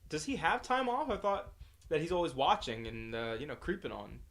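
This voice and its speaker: Man, podcast co-host, wry casual banter, bright timbre, meandering. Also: on the high side, expressive, fairly quick. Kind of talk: casual chat.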